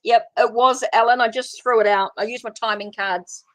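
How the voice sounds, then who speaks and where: A woman's voice: fairly high pitch, steady tone, moderate pace, dry recording. Chatty New Zealand woman reading tarot. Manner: chatty, thinks aloud while drawing cards. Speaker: tarot reader. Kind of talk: casual livestream tarot reading.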